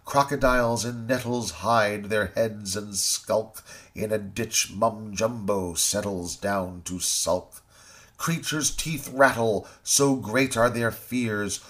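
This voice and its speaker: Brief: male storyteller, rhyming verse, slow and gravelly, theatrical. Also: mid-range voice. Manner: sing-song, theatrical. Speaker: narrator.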